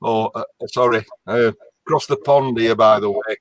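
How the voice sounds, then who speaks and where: A man's voice: fairly low pitch, steady tone, normal speed, dry recording, rough recording. A man from the north of England with a strong Lancashire accent, chatting and teasing as a guest on a live stream. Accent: Lancashire English. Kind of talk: casual chat. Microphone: on camera, close.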